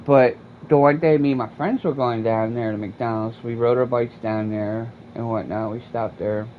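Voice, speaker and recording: A man, a gaming streamer, rambles through a profane story in loose, animated chat. His voice sits mid-range for a man. A dull, lo-fi mic carries it over a faint hum of air conditioning. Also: mid-range voice, normal speed. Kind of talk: casual storytelling while playing.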